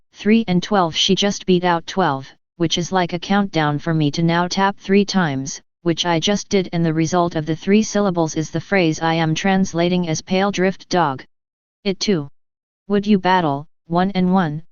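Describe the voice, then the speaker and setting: A woman with a lowish voice and a very smooth, resonant tone reads poems and commentary for an audiobook in an unhurried, steady way. The sound is bone-dry, with no room around her, and the audio itself is a little dull and lo-fi. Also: dry recording. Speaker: audiobook narrator. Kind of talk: reading poems with commentary aloud.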